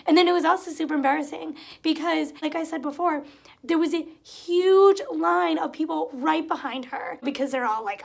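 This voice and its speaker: A young adult woman with a high, gravelly voice recounts retail stories at a moderate pace. Casual and chatty, she gets exasperated while impersonating customers. This vlog is recorded in a room at home, where a cat is nearby.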